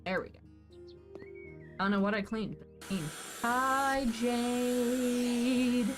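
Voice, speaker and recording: A woman's voice: medium pitch, moderate pace, music in the background. A woman casually chatting while streaming a game, rambling and answering her chat as she plays.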